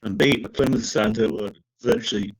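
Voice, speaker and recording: A man's voice: mid-range voice, very animated, a little fast, vocal fry, poor audio. A man chatting casually about football as a podcast co-host, full of banter and the odd swear word.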